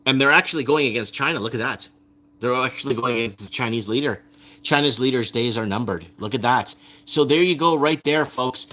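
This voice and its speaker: A man's voice: mid-range voice, a little fast, pushed and bright. A man hosting his own video, reading viewer comments and news headlines aloud and commenting on them in a loose, rambling way, often repeating himself. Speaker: video host.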